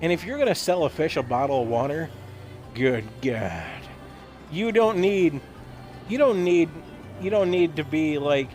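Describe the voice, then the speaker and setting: A young man talks while he plays a game, rambling through a silly monologue. He stammers and repeats words as he goes. His voice sits a little high, with faint music in the background. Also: big pitch swings, a little slow, darkish tone. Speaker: gaming streamer.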